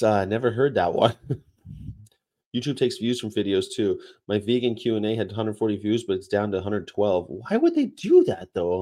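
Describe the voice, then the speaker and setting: A man's voice: on the low side, a little mellow. A man hosting a livestream, chatting casually and rambling between topics and read-aloud definitions. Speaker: livestream host.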